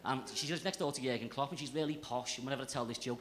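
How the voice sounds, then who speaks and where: A man's voice: medium pitch, rapid-fire, a bit bright, slight background noise. A young man with a Liverpool accent doing a stand-up set on a comedy club stage, brash and sweary in his storytelling. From Liverpool area, England. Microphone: stage mic.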